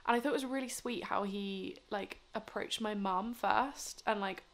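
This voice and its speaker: A woman's voice: medium pitch, moderate pace. A woman in her twenties chatting casually to camera in a rambling, chatty way. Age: 20s. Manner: rambling, lots of fillers. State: drunk and tired late at night. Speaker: vlogger.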